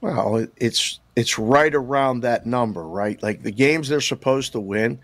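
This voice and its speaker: A man speaking as a sportsbook guest analyst on a sports talk show, casual and halting. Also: mid-range voice, dry recording. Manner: casual, halting, with restarts and fillers.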